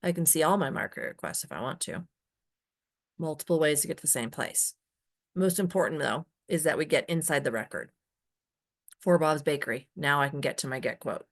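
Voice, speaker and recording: A woman training users in a software webinar, emphatic and often checking in with "right?". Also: sits low, expressive, a little fast.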